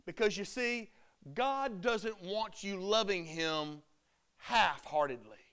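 A man preaching a sermon with emphatic delivery, building to loud shouted peaks. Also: high-pitched, lively intonation, slow, clear, resonant tone.

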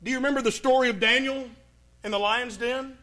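A man with a very high voice preaches a sermon, retelling a Bible story with dramatic pauses. His tone is steady, yet he shifts from raised, urgent delivery down to near whispers.

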